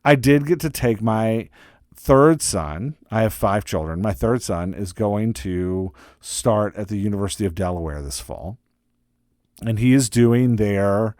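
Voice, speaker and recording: A man's voice: fairly low pitch, lively intonation, a little slow, darkish tone, no echo. Rambling middle-aged man, dry close mic. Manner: rambling and self-deprecating, with many fillers and restarts. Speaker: podcast host and writing coach. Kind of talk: casual solo podcast update. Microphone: close studio microphone.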